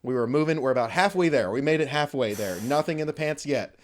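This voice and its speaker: A man's voice: fairly high pitch, quick pace. A young man hosting a podcast, telling a story casually and with animation, swearing freely and acting out quoted voices. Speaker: podcast host.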